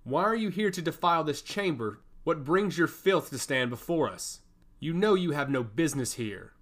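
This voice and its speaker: A man's voice: mid-range voice, lively intonation, fairly quick, fairly bright tone, close to an everyday voice. A man voicing a haughty female royal vizier with a harsh, scornful manner, in a storybook reading.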